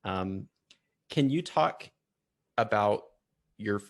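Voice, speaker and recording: A man's voice: on the low side, lively intonation, drawn-out words. A man hosting an interview, asking thoughtful, meandering questions. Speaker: podcast host. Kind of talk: casual interview talk.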